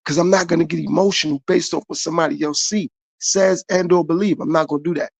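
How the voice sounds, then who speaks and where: Gravelly-voiced man preaching self-worth. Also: a little high, fairly even intonation, fast talker, no echo. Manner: preachy, repetitive, talks straight to viewers. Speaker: podcast host. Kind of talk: motivational monologue.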